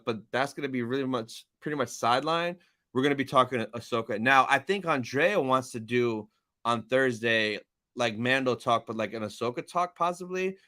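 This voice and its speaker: A young man hosting a live stream, chatting casually and excitedly while reading viewer comments aloud. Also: medium pitch. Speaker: livestream host.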